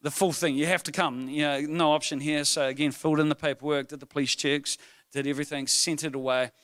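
A male pastor, preaching a sermon through humorous, animated personal stories. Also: fairly high pitch, clean tone, no echo, clean studio sound.

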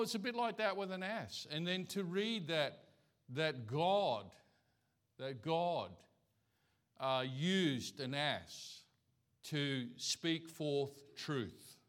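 A man's voice: a little high, a bit bright. A male pastor giving a conversational sermon in church, telling folksy stories and anecdotes.

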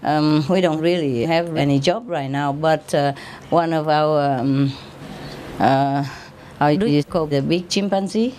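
A worn-out circus manager, as a woman puts him on in a joke, stumbling and hesitating over his words. The voice sits only a touch lower than her own. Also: dark tone, slight background noise. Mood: fretting. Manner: hesitant, halting. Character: weary male circus manager.

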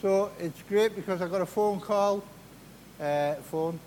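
A man, talking fast in a chatty, joking way as a guest preacher at a church carol service. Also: high voice, darkish tone, a little hiss or hum. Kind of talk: sermon-style personal testimony. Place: church carol service before a live congregation. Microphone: handheld microphone.

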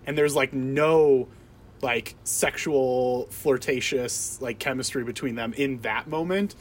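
A man's voice: mid-range voice, slow. A man chatting about a film, emphatic, with lots of "like" fillers and laughter. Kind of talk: casual film discussion.

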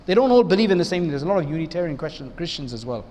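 A high-voiced man lectures on Islam as an imam, very animated and rapid-fire, with a warm tone. He talks to his audience conversationally and repeatedly poses rhetorical questions, all echoing with the long reverb of a large hall.

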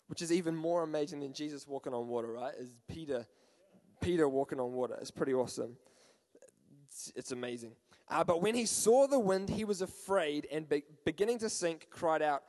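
Energetic man preaching in an echoey hall. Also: fairly high pitch. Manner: energetic, playful, jokes with the crowd. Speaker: youth pastor. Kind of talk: sermon. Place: church hall. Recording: echoey hall with long reverb.

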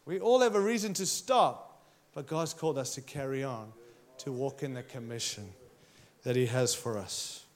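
A man's voice: mid-range voice, normal speed. A man preaching a sermon, emphatic and passionate, challenging his listeners directly. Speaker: pastor.

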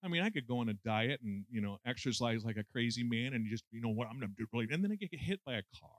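A man's voice: medium pitch, lively intonation, quick pace, dry recording. A man in his sixties preaching a conversational sermon with folksy, self-deprecating humor and lots of fillers. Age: 60s.

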